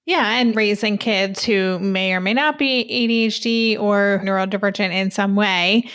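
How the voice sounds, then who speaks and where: A woman's voice: mid-range voice, a little slow, fairly bright tone, clean tone. Woman podcast host asking questions. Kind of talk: interview hosting.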